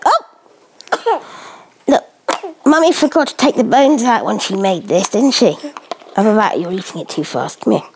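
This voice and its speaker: A woman vlogging casually while spoon-feeding a baby, cooing in baby talk and often dropping to a soft whisper. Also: medium pitch, lively intonation, moderate pace, long pauses, a little hiss or hum.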